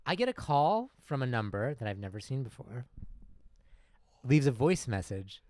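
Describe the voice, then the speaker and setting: A man hosting a podcast, telling a comedic story in a casual, animated way and laughing often. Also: mid-range voice, normal speed, no echo. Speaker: podcast host.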